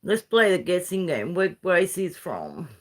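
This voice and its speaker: Slow-talking Uruguayan woman ranting casually. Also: on the low side, sing-song. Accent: Uruguayan Spanish. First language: Spanish. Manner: chatty, rambling, Aussie slang and swearing. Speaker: vlogger. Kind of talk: casual rambling rant.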